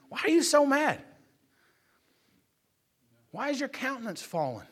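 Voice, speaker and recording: A man putting on the hushed voice of God. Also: on the high side, animated, pitched below the performer's own voice, close to an everyday voice. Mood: gentle. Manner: hushed, slow and tender. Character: the Lord, a gentle patient questioning God.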